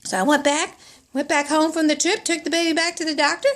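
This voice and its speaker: A woman's voice: high voice, fairly even intonation, quick pace, a bit bright. A middle-aged woman, telling a comic personal story in a folksy, dramatic way.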